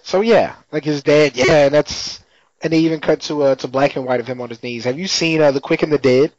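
A man's voice: on the high side, fairly quick, no room sound. A man in casual chat, retelling a TV episode in a laid-back, slangy way with frequent laughs. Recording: dry, slightly muffled lo-fi audio.

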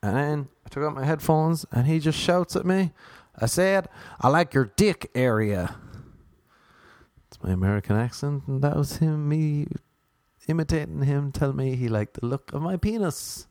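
A man's voice: on the high side, moderate pace, mellow, no echo, clean studio sound. An Irish man rambling through a comic monologue, self-mocking and full of rhetorical questions. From Ireland. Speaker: vlogger.

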